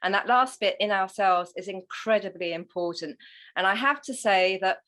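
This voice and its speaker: A woman's voice: mid-range voice, moderate pace, fairly bright tone. A middle-aged English woman, an interview guest, telling her story with enthusiasm and animation. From England. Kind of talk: conversational interview.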